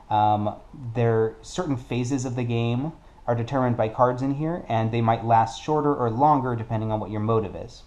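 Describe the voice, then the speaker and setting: A man's voice: medium pitch, darkish tone. A man playing a solo tabletop game and explaining its rules in a casual way, thinking aloud and correcting himself as he goes. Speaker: board game player.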